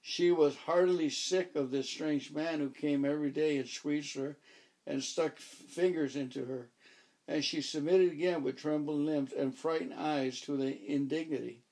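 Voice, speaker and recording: A man narrating a first-person story as an audiobook, wry and measured, voicing his own dialogue. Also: on the high side, steady tone, a little mellow.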